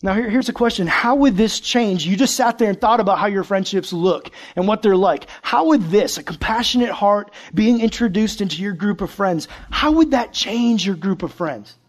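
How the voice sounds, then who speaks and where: A young man giving a casual, joking youth sermon, chatty with sudden loud bursts. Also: sits high, normal speed, hardly any pauses. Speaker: youth pastor.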